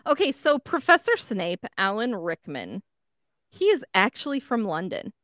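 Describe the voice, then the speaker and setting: Woman, podcast co-host, blunt, profane, lively pitch, dry sound. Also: a little slow, dry recording. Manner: blunt, profane, laughs easily. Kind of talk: casual movie recap chat.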